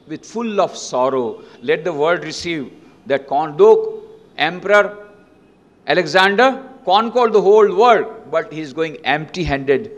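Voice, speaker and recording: A man, a monk lecturing in a hall, tells a story with dramatic emphasis in a fairly high voice. A long reverb hangs on every phrase. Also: dull audio.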